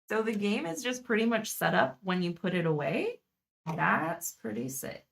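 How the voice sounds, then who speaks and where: A young woman chatting through a live-stream board game unboxing, thinking aloud and laughing softly as she goes. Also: medium pitch, expressive, normal speed, vocal fry.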